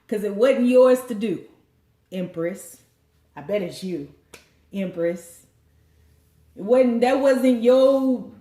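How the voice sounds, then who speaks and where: Woman tarot reader, lively, preachy and joking, in a roomy echo. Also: fairly high pitch. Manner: animated, preachy, joking, profane. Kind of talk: tarot card reading.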